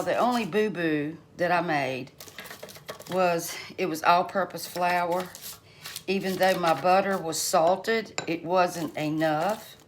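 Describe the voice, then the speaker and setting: A middle-aged woman talks her viewers through a recipe in her home kitchen, calling them y'all in a relaxed, folksy way. Her voice sits a bit low and she speaks slowly. There is clear background noise in the recording. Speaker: home cooking channel host. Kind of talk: casual cooking vlog chat.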